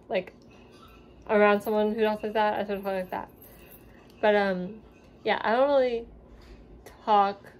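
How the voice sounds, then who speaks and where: Her voice is mid-range and a bit mellow as she chats her way through a TV series in a home vlog, her dog close by. Born in Seattle, she moved to the US South at five and grew up there. The young woman rambles, full of ums and likes.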